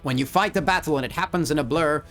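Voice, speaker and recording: A man narrating his solo tabletop role-playing game and reading out rules, who gets excited by dice rolls. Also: a little high, fast talker, faint music behind. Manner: excitable, laughs at dice results.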